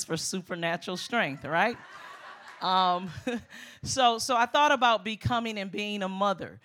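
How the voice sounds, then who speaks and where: A middle-aged woman preaching a sermon as a guest speaker, lively and emphatic, calling out to the congregation. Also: lowish voice.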